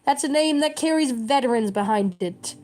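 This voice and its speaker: A woman's voice: high voice, lively intonation, moderate pace, darkish tone, a little hiss or hum. A woman in her thirties, a community educator, delivering an impassioned, scolding political rant straight to camera. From United States. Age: 30s. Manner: urgent, scolding, preachy.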